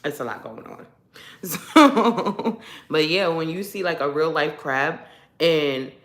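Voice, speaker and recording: A woman's voice: deep voice, expressive, slow pace, echoey room. A woman hosting a casual livestream who tells rambling stories, laughs often, and sounds congested. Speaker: livestream host. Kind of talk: casual chat with viewers.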